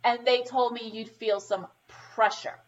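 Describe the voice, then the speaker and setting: Animated, profane woman on a lo-fi mic. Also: on the high side, a little slow. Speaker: podcast co-host. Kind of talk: casual chat.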